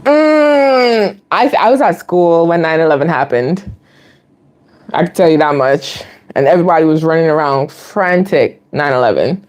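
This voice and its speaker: A woman's voice: deep voice, expressive, moderate pace, a little mellow. A woman in her late thirties telling stories in a casual live Q&A vlog, chatty and confiding, laughing often as she talks. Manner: chatty and confiding toward viewers. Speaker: vlogger host.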